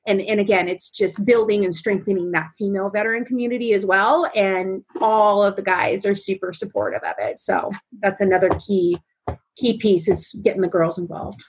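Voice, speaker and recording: A woman guest on a casual podcast, an animated storyteller who keeps adding "right?" and "you know". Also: medium pitch, normal speed, slightly rough. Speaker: guest, veteran fishing trip volunteer.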